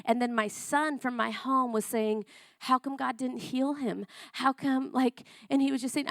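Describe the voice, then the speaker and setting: A woman's voice: high voice, steady tone, measured pace, creaky, fairly bright tone, dry recording, clean studio sound. A woman preaching a sermon, telling a personal testimony in an emotional, conversational way and often repeating herself.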